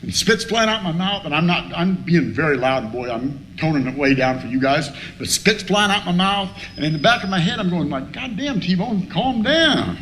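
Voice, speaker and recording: A man's voice: fairly high pitch, animated, brisk, hardly any pauses, fairly bright tone, a little hiss or hum. A man speaking at a recovery meeting, telling a funny personal story with plenty of cussing and acted-out moments. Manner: salty, swearing storyteller who acts out his past self. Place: meeting room.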